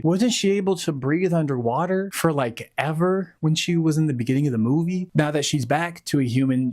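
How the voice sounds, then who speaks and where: A man's voice: on the high side, husky. A man giving a casual film review commentary, sarcastic and swearing freely.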